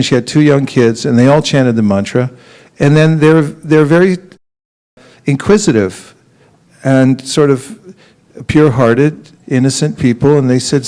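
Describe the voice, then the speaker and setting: A man giving a relaxed sermon at a temple, telling stories with laughs and acting out quotes, sometimes chanting a mantra slowly. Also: medium pitch. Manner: storytelling with laughs and acted quotes. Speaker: temple teacher.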